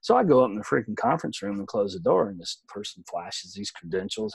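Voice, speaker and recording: A man's voice: fairly low pitch, lively intonation, quick pace, gravelly, hardly any pauses, darkish tone, breathy edge, no room sound, rough recording. A middle-aged man telling a story in casual chat as a podcast co-host, laid-back, swearing, often saying "man".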